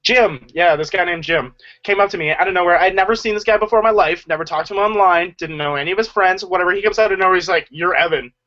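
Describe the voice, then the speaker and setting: A man's voice: high-pitched, quick pace, few pauses, sharp tone. A man co-hosting a casual group video chat, jokey and chatty with lots of fillers. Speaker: channel co-host. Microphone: video call. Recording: lo-fi video call audio.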